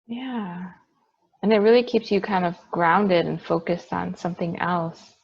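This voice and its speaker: Husky woman interviewer, dull audio. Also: fairly low pitch, steady tone, measured pace. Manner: brief affirming replies. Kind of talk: interview listening and replies.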